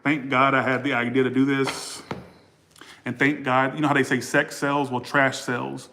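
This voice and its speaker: A man talks his way through a tarot reading in a loose, rambling way. He curses freely, stops to correct himself and drifts off track. His pitch sits right in the middle for a man. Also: little pitch movement, normal speed, sharp tone, slight background noise. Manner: blunt, profane, rambling and self-interrupting. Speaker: tarot reader.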